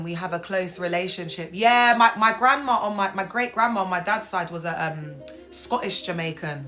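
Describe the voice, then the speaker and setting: A woman hosting a casual live stream from a hospital bed, chatting to viewers and reading their comments, animated and quick to break into high excited exclamations. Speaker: livestream host.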